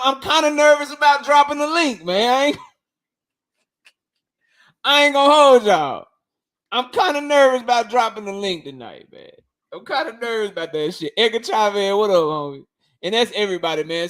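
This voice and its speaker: A man's voice: high voice, a bit bright. A young man hosting a live stream, chatting casually in slang and greeting viewers by name.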